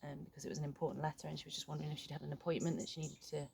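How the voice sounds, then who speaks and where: A middle-aged woman talking frankly in a reflective vlog, halting and swearing casually, recorded outdoors in a garden. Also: low voice, little pitch movement, vocal fry, darkish tone, slight background noise. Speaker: vlogger.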